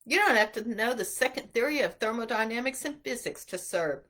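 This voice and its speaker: A middle-aged woman giving an earnest, animated inspirational talk to mothers about homeschooling. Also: on the high side, fairly quick. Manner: animated, earnest, acts out quotes. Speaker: homeschool speaker.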